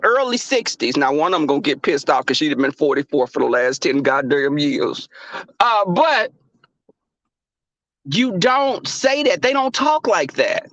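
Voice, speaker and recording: Young male streamer, high voice, animated and profane; dull, dry mic. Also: dry recording. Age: young adult. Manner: animated, profane, laughing, calls out chat viewers. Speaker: livestream host. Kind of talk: casual livestream chat with viewers.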